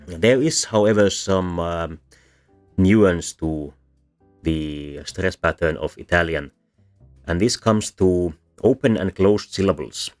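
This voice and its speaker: A man explaining grammar as a teacher in a lecture, drawing as he talks and pausing often with ums and self-corrections. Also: low-pitched. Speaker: language teacher.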